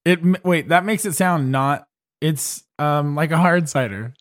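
A man's voice: a little high, a little slow, no echo, clean studio sound. A man co-hosting a podcast in casual chat, rambling and correcting himself as he goes. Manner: hesitant, rambling, self-correcting. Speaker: podcast co-host.

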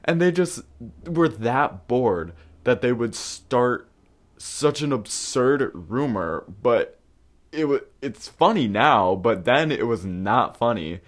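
A man's voice: mid-range voice, expressive, takes it slowly. A young man hosting a podcast, telling stories from his past in a candid, casual way, swearing freely and using plenty of fillers. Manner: candid and profane, with frequent fillers. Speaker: podcast host. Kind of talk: casual storytelling.

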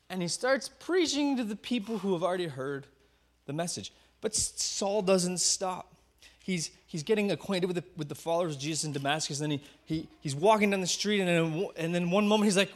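A man preaching a storytelling sermon, pitched high and full of swooping ups and downs. He acts out the scenes and coaches the congregation to shout back lines. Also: a little fast. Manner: animated, acts out the scenes in small voices. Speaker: pastor.

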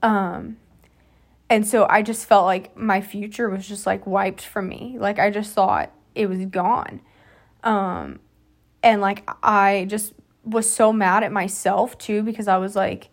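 A woman in her twenties hosting a podcast, telling a personal story in a soft, halting way with many fillers. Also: medium pitch, fairly even intonation. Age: 20s. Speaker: podcast host.

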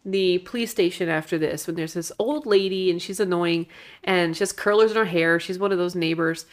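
A woman's voice: on the low side, brisk. A woman co-hosting a podcast, chatting casually about a film with lots of fillers. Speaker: podcast co-host. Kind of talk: casual chat reviewing a film.

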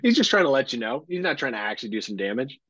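A man's voice: medium pitch, sing-song, very fast, fairly bright tone, dry recording, dull audio. A man co-hosting a casual podcast, talking bluntly and with profanity, teasing his co-host. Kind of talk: casual chat.

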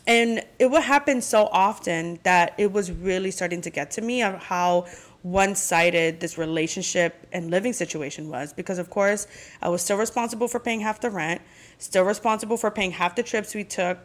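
A woman's voice: mid-range voice, normal speed. A woman hosting her podcast in a casual chat, talking candidly and venting with frequent swearing. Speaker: podcast host.

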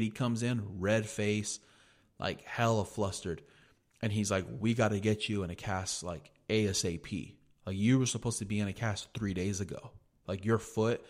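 A young American podcast host tells a story in a laid-back way, swearing freely and saying "like" constantly. His voice is on the low side, steady in tone, at a moderate pace.

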